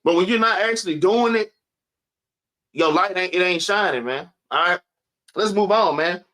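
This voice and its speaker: A man delivers a casual sermon in a high, bright voice, tagging his phrases with "man". He slows right down to read scripture aloud and sounds a little out of breath. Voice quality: casual preaching, repeats "man" at line ends. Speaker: teacher.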